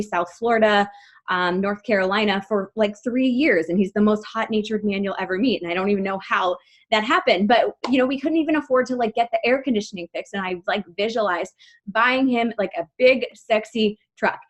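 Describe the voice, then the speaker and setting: A woman in her thirties giving an upbeat, emphatic motivational talk to her coaching team, laughing often. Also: mid-range voice.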